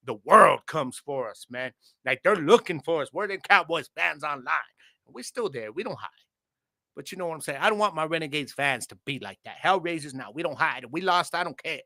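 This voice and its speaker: An energetic man hosts a live-streamed sports podcast, chatting loosely with his viewers and laughing often. His voice is bright and forceful, pitched a little high. It sounds close and dry on a studio microphone. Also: no room sound. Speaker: podcast host. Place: home studio.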